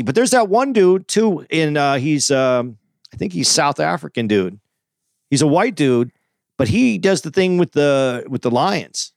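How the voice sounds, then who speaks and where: A man co-hosting a casual comedy podcast, rambling and joking in quick asides. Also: a little high, no room sound, clean studio sound. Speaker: podcast co-host.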